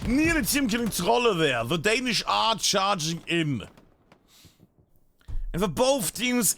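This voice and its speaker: A German man from northern Bavaria casts a live shooter match in a high voice, chatty and animated, swearing casually now and then. Gunshots sound faintly behind him. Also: slow pace, vocal fry, pauses often. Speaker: esports caster. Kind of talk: live game commentary.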